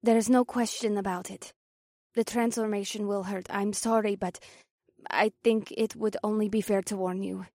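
Firm, high-voiced female siren played by a man, blunt and unflinching, audiobook figure. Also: flat delivery, normal speed, darkish tone, no echo, clean studio sound. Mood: resolute. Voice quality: high falsetto. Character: resolute female siren, red-haired.

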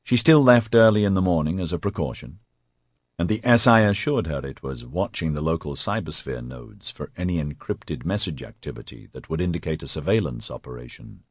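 A man reading fiction as an audiobook narrator, with an expressive, dramatic storytelling manner. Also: a bass voice, fairly quick, husky, no room sound, clean studio sound. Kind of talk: scripted narration.

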